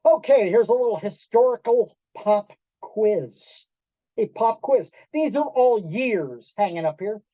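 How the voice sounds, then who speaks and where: A man giving a storytelling talk to an audience in a restaurant event room, animated, acting out quoted voices and quizzing the listeners. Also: high-pitched, a little slow, dry recording. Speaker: keynote speaker. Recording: dull lo-fi dry sound.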